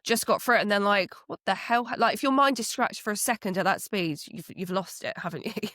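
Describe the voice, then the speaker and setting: A woman from England co-hosting a podcast in casual chat, relaxed and laughing easily. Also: medium pitch, brisk, no echo, studio quality. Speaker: podcast co-host.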